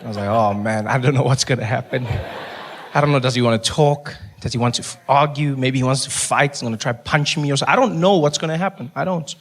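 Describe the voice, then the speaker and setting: A man telling a story on stage as a stand-up comedian, animated and self-mocking with quick asides. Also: medium pitch.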